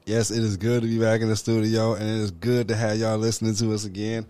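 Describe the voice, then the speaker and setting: A man's voice: fairly low pitch, little pitch movement, warm tone, clean tone, no echo. A man co-hosting a podcast in a studio, reacting with profane disbelief in casual banter. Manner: incredulous reacting, profane, drawn-out. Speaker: podcast co-host.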